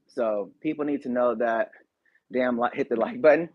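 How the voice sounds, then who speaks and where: A man's voice: medium pitch, normal speed, no echo, dull audio. Laid-back slangy man chatting. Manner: laid-back, slangy, talks straight to viewers. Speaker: YouTube reaction channel host. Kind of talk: casual livestream chat.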